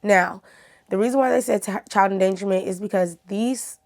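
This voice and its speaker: A woman's voice: medium pitch, moderate pace, darkish tone. A woman YouTuber chatting casually to her viewers while telling a personal story. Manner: chatty, talks straight to viewers.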